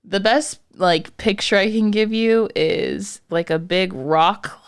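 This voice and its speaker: A woman's voice: medium pitch, slow, vocal fry, smooth. A young woman co-hosting a podcast, casually telling a story, acting out quotes and swearing freely. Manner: animated storytelling, acts out quotes, frequent swearing. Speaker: podcast co-host. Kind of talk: casual chat.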